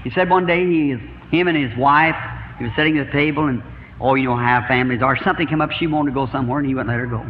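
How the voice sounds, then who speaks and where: A man with a Southern accent preaching, telling homespun stories in a chuckling, drawn-out way to a congregation. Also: medium pitch. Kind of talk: folksy storytelling sermon. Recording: dull lo-fi archival sermon tape, long hall reverb, faint hiss.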